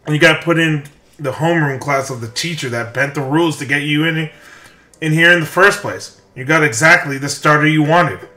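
A man's voice: fairly high pitch, a little fast, pushed and bright. A man voicing a young male rival trainer in a game, scornful and confrontational toward his rival. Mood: resentful. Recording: echoey room, faint music.

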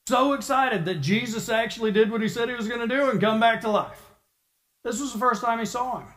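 A man preaching a sermon, telling a story with lively acted-out voices for the people in it. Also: very high voice, brisk.

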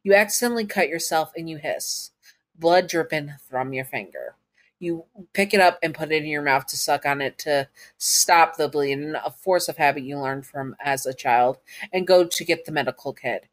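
A woman narrating a second-person audio story to the listener, with casual asides. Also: low voice.

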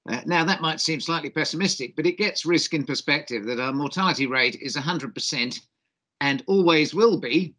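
Cheeky middle-aged doctor with faint Australian twang. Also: male voice, fairly high pitch, lively intonation, brisk, sharp tone. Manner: cheeky, jokey, self-deprecating. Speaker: keynote speaker, doctor. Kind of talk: conference keynote on video call. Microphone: video call.

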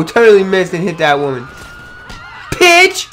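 A young man giving loud, excitable gameplay commentary, often yelling and cursing at what happens on screen. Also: extremely high pitch, normal speed. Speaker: gaming video host.

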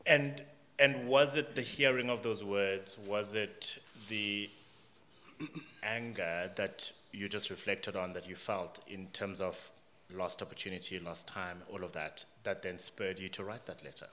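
A man moderating a live festival panel, asking a question slowly and deliberately. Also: on the low side, fairly even intonation, pushed and bright, a little hiss or hum. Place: festival event room. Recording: roomy hall reverb, heard from a distance, faint ambience.

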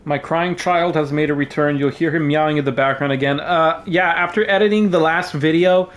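A man's voice: on the high side, brisk. Playful man doing let's-play commentary. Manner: playful, jokey, excitable, yelps when startled. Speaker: gaming YouTuber. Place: home room. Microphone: desk microphone.

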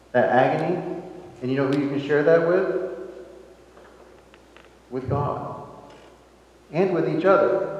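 A man's voice: mid-range voice, a little mellow. A man delivers a sermon from the pulpit in an easy, conversational way and keeps asking "right?" to draw people in. His voice rings through a big reverberant sanctuary with a long tail. The sound is a little dull and muffled. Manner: conversational, often adds "right?". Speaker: pastor. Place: church sanctuary. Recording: echoey church, dull sound.

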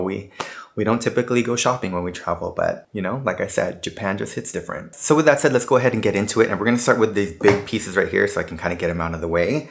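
A man vlogging a haul of things he bought on a trip, chatting casually to his viewers with plenty of asides. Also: fairly low pitch.

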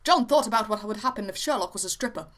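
Young woman narrator, deadpan amateur storytelling for a fan cartoon, bright tone. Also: mid-range voice, quick pace.

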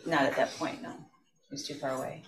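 A school principal giving courtroom testimony, speaking haltingly with restarts and trailing off. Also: mid-range voice, flat delivery. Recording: roomy courtroom audio, distant mic, faint hiss.

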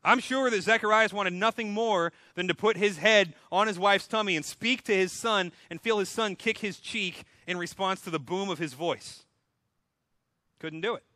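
A man's voice: sits high, moderate pace, sharp tone, no room sound. A man preaching a sermon as pastor, retelling scripture in a casual, humorous storytelling way. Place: church.

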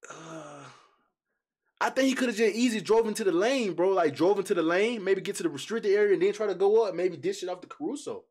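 A man hosting a casual basketball reaction video, excitable and slangy, blurting out swears and talking straight to his viewers. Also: sits high, a little fast, breathy edge.

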